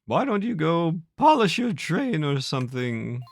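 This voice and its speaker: A man's voice: fairly high pitch, sing-song, measured pace, vocal fry, pitched above the performer's own voice, exaggerated voice. Man doing a sneering Irish villain chancellor. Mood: scornful. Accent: put-on Irish. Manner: haughty, scornful. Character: sneering evil older male chancellor.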